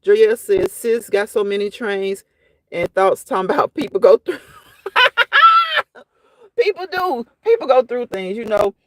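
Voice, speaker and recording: A woman's voice: medium pitch, expressive, measured pace, long pauses, darkish tone. A woman hosting a casual live stream, reading viewers' comments aloud and reacting to them in a chatty way that often repeats phrases.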